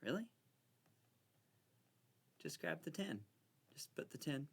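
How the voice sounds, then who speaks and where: Excitable gravelly man playing solitaire. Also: a little high, slow. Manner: excitable, bickering with himself, mock-frightened. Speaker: channel host playing solitaire. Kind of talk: casual gameplay commentary.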